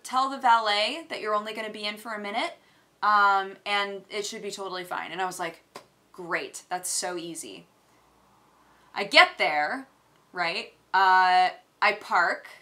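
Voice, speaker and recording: Bright, animated young woman vlogger. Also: medium pitch. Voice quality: animated, lively storyteller. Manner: gets loud and exasperated retelling a rant. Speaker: vlog host. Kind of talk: casual storytelling vlog.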